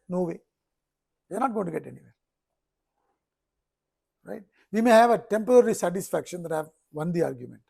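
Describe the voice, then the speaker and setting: Spiritual teacher, male, raised pitch, tells stories and keeps asking if listeners follow. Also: lively intonation, fast, gravelly, pauses often, darkish tone, slightly rough. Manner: storytelling, checks in with listeners often. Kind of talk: explaining scripture in a talk.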